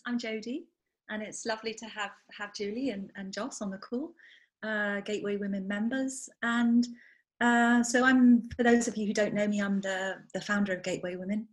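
A woman's voice: mid-range voice, steady tone, moderate pace. A woman who founded a support network, talking thoughtfully as a guest on a group video call. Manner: thoughtful, reflective. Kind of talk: casual group chat on a call.

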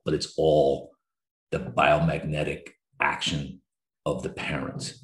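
Man, very low voice, middle-aged, therapist, earnest, emotionally open, roomy echo. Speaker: therapist, guest. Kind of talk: candid conversational storytelling.

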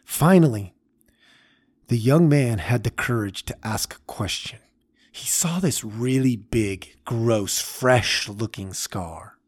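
A man hosting a podcast, telling a story in an earnest, halting way with restarts. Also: medium pitch, expressive, husky, no room sound. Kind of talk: storytelling talk.

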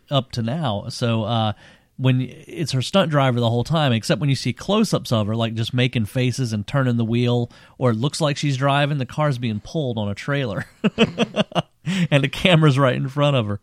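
A man co-hosting a podcast, chatting casually about an old cult film, rambling and animated and laughing often. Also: mid-range voice, a little fast, no echo, clean studio sound. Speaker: podcast co-host.

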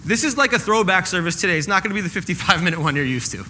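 A man's voice: sits high, lively intonation, rapid-fire, pushed and bright, a little hiss or hum, poor audio. A man preaching a sermon to a congregation, joking and acting out the voices of the people in his story. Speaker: pastor. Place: church hall with a congregation.

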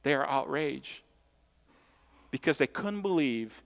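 With a fairly high voice, lively intonation and noticeable vocal fry, a pastor preaches slowly. His delivery is emphatic and conversational, full of repeated key points and asides to the congregation, and the hall gives a long reverb.

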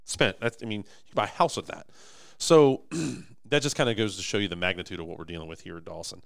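A young man chatting enthusiastically on a podcast about his company, his voice going hoarse. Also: low voice, a little fast, no room sound, studio quality. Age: young adult. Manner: enthusiastic, emphatic salesman. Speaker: podcast host, manufacturing company owner. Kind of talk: casual podcast chat.

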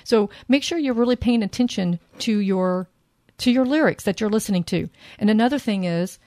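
A woman co-hosts a casual faith chat with an earnest, animated way of talking. Her voice sits at a medium pitch. The sound is dry and close, with no room echo. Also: normal speed. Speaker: podcast co-host.

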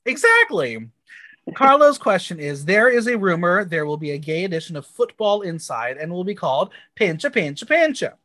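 A woman's voice: fairly low pitch, very animated, moderate pace, fairly bright tone, no room sound, studio quality. A woman from the United States co-hosting a podcast, recapping a TV episode in blunt, crude, playful chat with exaggerated reactions. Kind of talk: casual chat.

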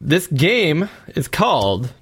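A man's voice: a little high, very animated, takes it slowly, fairly bright tone, breathy edge. A man hosting a casual podcast, talking in a rambling, joking way with lots of fillers. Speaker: podcast host. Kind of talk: casual chat.

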